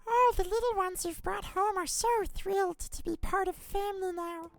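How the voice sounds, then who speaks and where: A man voicing a gentle, motherly insect queen in a video game, reading her lines aloud in a soft, kindly, sentimental way. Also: very high-pitched, normal speed, gravelly, pitched above the performer's own voice, heavily acted. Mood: tender.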